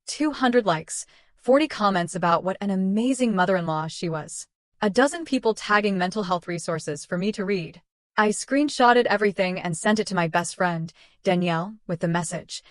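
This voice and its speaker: A woman narrating a first-person drama story in a steady, even reading voice. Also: mid-range voice, moderate pace, dry recording.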